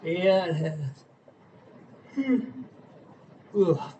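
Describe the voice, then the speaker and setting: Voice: medium pitch, animated, drawn-out words, warm tone, highs cut off, slight background noise. A tarot reader chatting casually on a live stream while shuffling cards, sleepy and yawning, greeting viewers and a pet.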